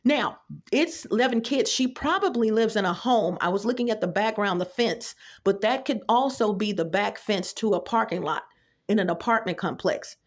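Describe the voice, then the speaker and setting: A middle-aged woman with a drawl and a gravelly, rough-edged voice, holding forth in a reaction vlog. She speaks bluntly and profanely, telling stories and talking straight to her viewers. Her pitch sits in an ordinary middle range for a woman. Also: normal speed. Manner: blunt, profane, storytelling, addresses viewers directly. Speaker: YouTube commentator.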